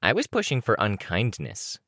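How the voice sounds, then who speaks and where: A man's voice: fairly low pitch, huge pitch swings, moderate pace, bright, forceful tone, no echo, clean studio sound, voice pushed up, heavily acted. An audiobook reader voicing a sardonic young woman who answers with snarky retorts.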